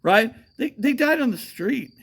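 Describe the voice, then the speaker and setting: A man's voice: very high voice, expressive, measured pace, vocal fry, fairly bright tone, slightly rough. A man rambles through a casual monologue. He swears freely, trails off, and circles back with fillers and repeated starts, as if talking off the cuff outdoors at night. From United States. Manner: profane, meandering, with frequent fillers and restarts.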